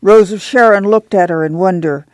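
A reader narrating a novel in a steady, measured storytelling manner. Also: medium pitch, dry recording. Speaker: audiobook narrator.

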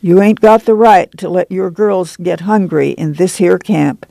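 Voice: medium pitch, fairly even intonation, unhurried, vocal fry, mellow, no room sound. A reader voicing a stern middle-aged woman who runs a camp committee, scolding in a rural drawl. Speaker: reader doing character voices. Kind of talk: audiobook reading.

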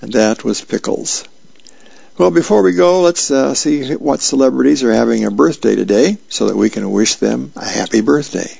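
A man with a deeply gravelly, creaky voice reads newspaper comics aloud as a radio reader. He calmly walks through each frame in a plain, unhurried way. The sound is very dry and slightly dull, like a lo-fi broadcast. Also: no room sound. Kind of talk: reading comic strips aloud.

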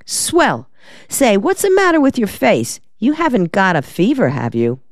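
A woman's voice: medium pitch, wildly swooping pitch, unhurried, no echo, pitched above the performer's own voice. A woman reading the part of a shrewd, wisecracking male defense lawyer in an audiobook, in a dry, decisive manner.

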